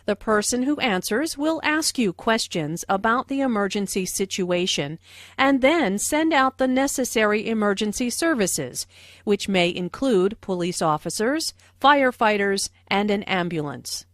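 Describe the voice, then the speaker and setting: Slow, lively woman teaching English. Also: mid-range voice, no room sound, clean studio sound. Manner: slow, clear teaching delivery. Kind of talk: scripted dialogue and language notes.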